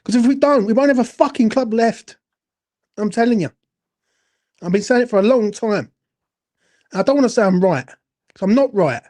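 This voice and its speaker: Angry high-voiced football fan. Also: male voice, animated, moderate pace, long pauses, darkish tone. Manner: angry, emotional, sweary, repetitive. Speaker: fan channel host. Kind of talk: impassioned fan rant.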